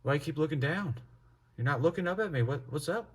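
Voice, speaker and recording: Man mimicking a nagging mother, quick suspicious questions, voice pushed high. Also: lively intonation, slightly rough. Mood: prying. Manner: rapid prodding questions. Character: nagging suspicious mother pressing her son.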